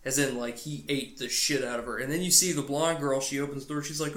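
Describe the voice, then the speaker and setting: A podcast co-host gives a rambling, profane, casual recap of a film's plot. His voice is on the high side and fairly bright, and he talks fast with hardly any pauses. The recording has a roomy echo.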